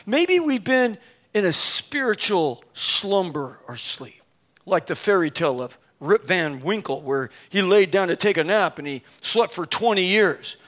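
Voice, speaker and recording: High-voiced animated male preacher. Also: a little slow. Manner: animated, self-mocking storyteller acting out dialogue. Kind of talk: sermon with a personal story.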